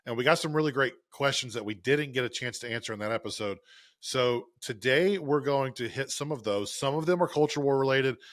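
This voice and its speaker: A man's voice: medium pitch, a little fast, a bit bright, no echo, clean studio sound. A man in his thirties co-hosting a faith podcast, easygoing and explanatory with a joking edge. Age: 30s. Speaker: podcast co-host. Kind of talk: casual podcast chat.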